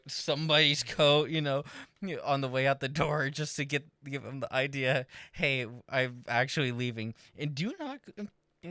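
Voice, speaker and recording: A man's voice: medium pitch, pushed and bright, dry recording, studio quality. A man telling joking stories in casual podcast chat, laughing often.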